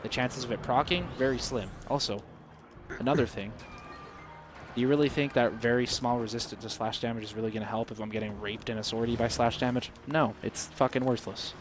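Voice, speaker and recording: A man's voice: medium pitch, fairly even intonation, a little fast, music in the background. A man hosting casual gaming commentary, sick and losing his voice, ranting bluntly with plenty of swearing. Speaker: gaming channel host.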